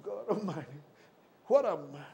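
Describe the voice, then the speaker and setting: An older man preaching a live sermon, fervent and swinging from loud exclamations to low murmurs. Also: lively intonation, moderate pace, gravelly, a little hiss or hum. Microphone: live stream.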